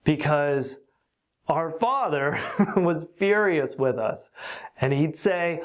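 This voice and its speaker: Online English tutor, unhurried and carefully spaced delivery, mid-pitched, chuckles between examples. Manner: slow, deliberate explaining with occasional laughs. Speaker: English teacher. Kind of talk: online language lesson.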